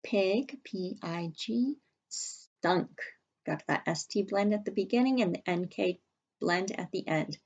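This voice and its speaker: A woman's voice: mid-range voice, animated, takes it slowly, a little mellow, husky, lo-fi sound. A woman teaching a spelling lesson to young children, carefully sounding out letters and words at a whiteboard. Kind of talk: early-grade spelling lesson.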